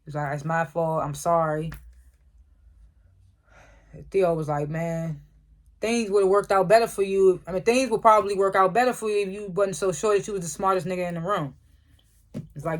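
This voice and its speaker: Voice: mid-range voice, steady tone. A TV reviewer giving a casual, profane recap of an episode, chuckling often and acting out the characters' lines. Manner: chuckles often while retelling scenes; acts out characters' lines in quick quotes.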